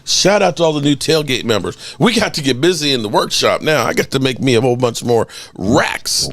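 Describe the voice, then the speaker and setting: A man co-hosting a casual live sports stream, reading viewer chat aloud and shouting out fans. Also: mid-range voice, lively intonation, a little fast, no room sound. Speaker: sports podcast co-host.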